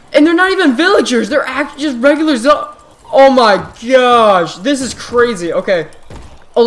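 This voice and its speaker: A man hosting his own channel, giving casual gameplay commentary in an excitable way, full of exclamations and quick restarts. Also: high-pitched. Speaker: gaming channel host.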